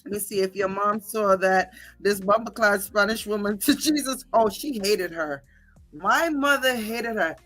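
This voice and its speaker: A woman's voice: mid-range voice, unhurried, faint music behind, rough recording. A woman hosting a livestream, telling a story to her chat casually, laughing often and swearing freely. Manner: laughing, profane, animated. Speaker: livestream host.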